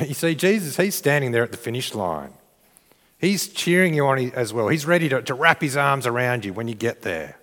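A man's voice: mid-range voice, animated, a little fast. Man preaching in a reverberant hall. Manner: conversational, restarts phrases, rises to shouted crowd cheers. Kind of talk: sermon. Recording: long reverb of a church hall.

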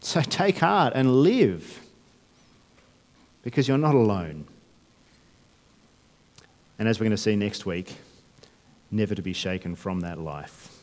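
A man's voice: fairly low pitch, animated, takes it slowly, long pauses, a little mellow. Man preaching a sermon in a reverberant church. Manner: conversational, with frequent restarts and rhetorical questions. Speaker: pastor.

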